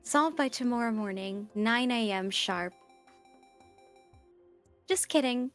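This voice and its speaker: A woman reading aloud the lines of a creepy, chirpy female research AI in a game, slow and deadpan. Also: a little high, faint music behind.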